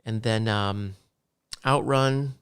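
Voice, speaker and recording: A man's voice: on the low side, slow pace, clean tone. A middle-aged man co-hosting a gaming podcast in casual, rambling chat. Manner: rambling, relaxed, self-correcting. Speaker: podcast co-host.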